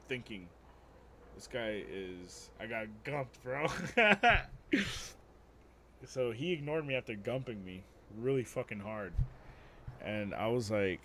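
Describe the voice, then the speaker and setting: A man talks casually while streaming a video game, his voice sitting a bit low. He swears freely and drifts into animated storytelling. A faint background hum runs under his voice. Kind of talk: casual gaming stream chat.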